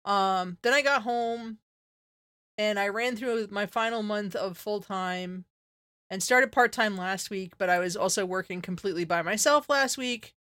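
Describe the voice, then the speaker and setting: A woman's voice: mid-range voice, measured pace, no echo. A woman in her thirties, a veterinarian co-hosting a podcast, telling stories in casual chat, full of "like" and "you know", acting out her own lines. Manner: animated storyteller, acts out her own quotes; many fillers like "like" and "you know".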